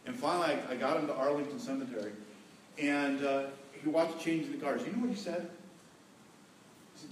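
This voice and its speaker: A man's voice: fairly high pitch, brisk, long pauses, recorded from a distance, a little hiss or hum. Echoey middle-aged preacher man. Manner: folksy, joking storyteller, repeats key words. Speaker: pastor. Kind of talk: sermon on marriage. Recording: echoey hall, voice from afar.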